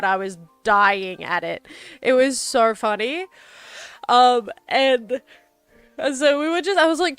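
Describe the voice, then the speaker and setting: A young woman chats to her stream in a rambling, giggly way, full of fillers. Her voice sits a touch high and comes through smooth and clear. Soft music plays quietly behind her. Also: no room sound. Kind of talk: casual chat. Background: faint background music.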